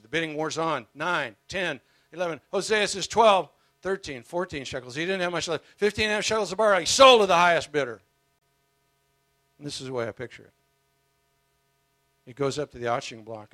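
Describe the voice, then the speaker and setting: A male preacher delivers an emphatic, passionate sermon at a mid pitch. He swings from forceful peaks down to hushed lows. The recording is dry and close. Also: fast talker, no echo.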